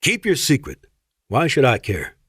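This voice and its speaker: A man's voice: mid-range voice, huge pitch swings, a little slow, fairly bright tone, slightly rough, dry recording, clean studio sound, heavily acted. A male narrator voicing a bitter, sarcastic alien officer in his mid-forties who speaks curtly. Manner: sarcastic, curt.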